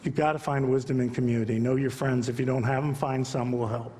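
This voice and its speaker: A fast-talking pastor with a medium-pitched, mellow voice and fairly even intonation preaches in a church sanctuary. A long reverb tail follows his words as he alternates forceful preaching with chatty asides to the congregation.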